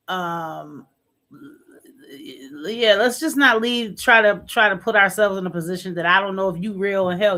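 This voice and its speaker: A woman's voice: medium pitch, a bit bright. A woman in a casual chat speaking frankly and matter-of-factly about dating.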